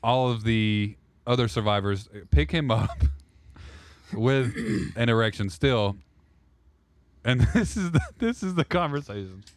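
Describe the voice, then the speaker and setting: A man's voice: mid-range voice, expressive, unhurried, dry recording. A man narrating a role-play podcast as game master, loose and rambling, correcting himself as he goes.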